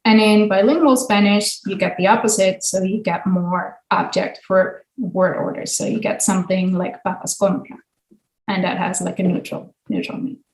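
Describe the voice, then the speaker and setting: A woman's voice: medium pitch, steady tone, normal speed, a little mellow. A woman linguistics professor giving an academic lecture with slides, explaining patiently with frequent ums and uhs. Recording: echoey room.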